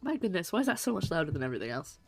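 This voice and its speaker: A woman streaming a game, chatting away to her viewers and teasing herself as she plays. Her voice sits low, with soft game music under it. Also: big pitch swings, racing, vocal fry. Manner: chatty, self-mocking, talks to chat while playing. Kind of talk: casual let's-play commentary. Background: faint game music.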